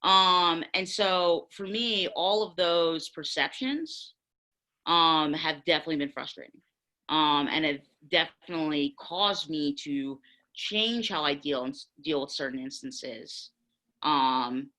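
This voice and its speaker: Animated young woman telling stories, bright voice. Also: low-pitched, takes it slowly, rough recording. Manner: candid, animated storytelling with acted quotes. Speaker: panelist. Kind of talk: panel discussion.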